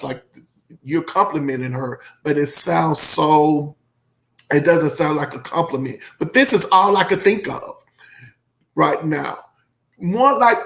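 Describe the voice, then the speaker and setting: A man giving a casual, effusive album review, rambling and emotional, with many fillers. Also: high-pitched. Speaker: music reviewer.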